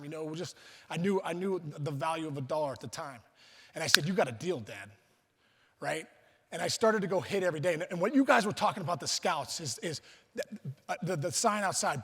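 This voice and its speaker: A middle-aged man from Pittsburgh tells stories in a high, bright voice, acting out the people he quotes and stumbling into quick restarts. His speech rings through a reverberant banquet hall. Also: slightly rough. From Pittsburgh, USA. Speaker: guest speaker. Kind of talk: storytelling speech at a luncheon.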